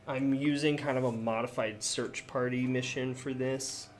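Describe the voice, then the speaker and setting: A man's voice: medium pitch, steady tone, normal speed, few pauses. A man casually playing a solo tabletop game, reading out cards and reacting aloud to his dice rolls. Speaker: solo game player and host.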